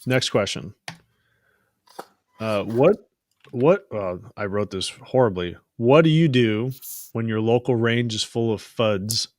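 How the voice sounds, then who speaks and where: A man's voice: medium pitch, lively intonation, slow, pauses often, dry recording, clean studio sound. Easygoing man reading listener questions. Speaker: podcast co-host reading questions. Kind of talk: casual panel chat.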